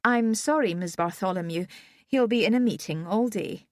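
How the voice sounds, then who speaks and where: A woman's voice: mid-range voice, moderate pace, darkish tone, no echo, studio quality, natural voice. A woman voicing a chilly, dismissive older receptionist with a Scottish accent. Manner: cool, dismissive.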